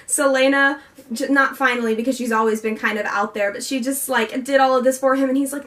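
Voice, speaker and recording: A woman's voice: high voice, normal speed, fairly bright tone, distant mic. Gushing young woman reviewing a book. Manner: chatty, gushing, rambling with fillers. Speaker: book vlogger.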